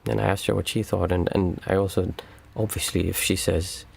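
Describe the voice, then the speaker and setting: A man hosting a meditation stream, answering viewer questions in a calm, reflective, halting way. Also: low voice, creaky, slightly rough. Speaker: meditation teacher and stream host. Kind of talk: livestream Q&A talk.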